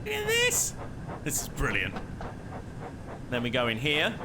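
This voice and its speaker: A man's voice: mid-range voice, wildly swooping pitch, unhurried, background noise. A man giving casual, chatty live commentary while streaming a game, muttering to himself and laughing often.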